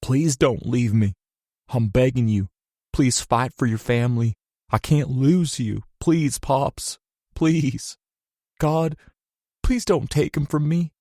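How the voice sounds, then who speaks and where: A man's voice: mid-range voice, normal speed, mellow, no room sound, studio quality, pitched above the performer's own voice, close to an everyday voice. A man voicing a grief-stricken young man who pleads and sobs at his dying father's bedside, his voice breaking. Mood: desperate pleading.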